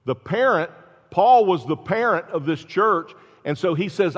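This man's creaky, animated voice moves at a moderate pace through a sermon explaining scripture. Key points get emphatic rises in pitch and volume, captured with a dull sound and long reverb in a hall.

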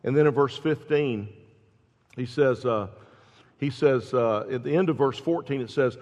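Guy preaching a sermon, gravelly, kinda dull muffled sound. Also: moderate pace, darkish tone. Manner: emphatic, rising in pitch and volume at key points. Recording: dull sound with long reverb in a hall.

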